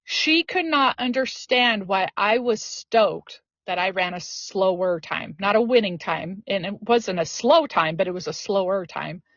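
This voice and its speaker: A woman's voice: mid-range voice, a little slow, few pauses, dry recording. A woman guest on a podcast telling personal stories in an earnest, casual way, often saying "you know.". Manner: earnest, lively storyteller with frequent "you know". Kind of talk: casual storytelling. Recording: dull lo-fi dry audio.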